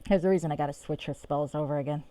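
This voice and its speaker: A woman's voice: deep voice, fairly even intonation, very fast, dark tone, a little hiss or hum. A woman streaming a video game, chatting casually and self-mockingly and swearing freely as she plays. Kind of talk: casual let's-play commentary. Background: game music.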